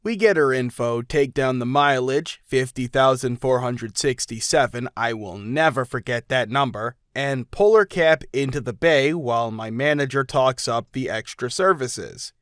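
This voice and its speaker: A man reading out customer stories in an even storytelling manner. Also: medium pitch, moderate pace, few pauses, clear, resonant tone, no room sound, studio quality. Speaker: narrator. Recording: faint music behind.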